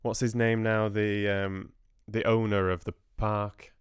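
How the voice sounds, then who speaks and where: A man chats casually with his livestream viewers, wandering from thought to thought. His voice sits low and sounds smooth and resonant. The close mic makes it dry, with no room sound. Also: little pitch movement, a little slow, dry recording. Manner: chatty and rambling, answering viewers' chat with laughs. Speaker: livestream book club host.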